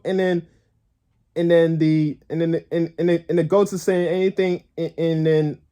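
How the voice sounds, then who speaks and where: A man's voice: high voice, dark tone. A man telling a story to his viewers in a casual vlog, stammering, repeating words and giggling all the way through. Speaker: gaming vlogger.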